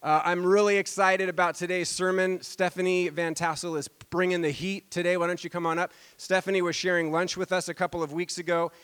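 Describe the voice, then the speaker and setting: A man pastor leads the announcements in a church sanctuary, openly enthusiastic about what the church is doing. His voice sits a bit higher than most men's. He speaks to the congregation with warm excitement. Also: brisk, few pauses, clean tone. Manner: enthusiastic, upbeat.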